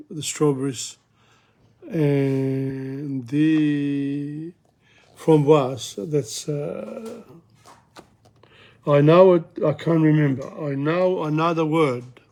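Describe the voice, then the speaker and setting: A man teaching a casual French lesson in English, repeating phrases and chatting as he goes, his voice going hoarse. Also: fairly high pitch, darkish tone. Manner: chatty, self-interrupting, repeats phrases slowly. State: losing his voice, coughing. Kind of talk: casual spoken language lesson.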